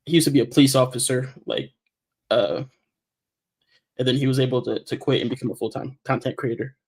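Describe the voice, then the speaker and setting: A man's voice: mid-range voice, fairly even intonation, fairly quick, creaky, a little mellow, husky. Slangy casual male podcast host. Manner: loose, slangy, hypes up subscribers. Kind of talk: casual streaming podcast chat.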